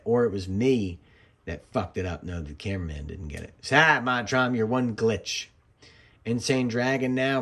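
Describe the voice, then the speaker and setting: A man's voice: mid-range voice, breathy edge. A man, a former wrestling referee, giving casual, rambling commentary over old match footage and drifting into jokey side stories.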